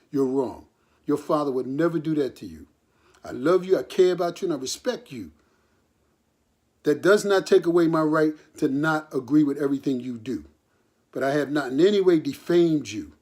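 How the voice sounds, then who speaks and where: A man's voice: a little high, darkish tone. An older man making a recorded personal appeal to his grown son, earnest and hurt, pleading with him. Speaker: father addressing his son.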